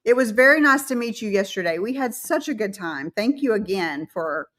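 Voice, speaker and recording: A chatty woman with a Southern American accent who co-hosts a live stream. She tells stories at an ordinary pitch in an easy, casual way. She acts out quotes as she goes. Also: expressive, moderate pace, a bit bright.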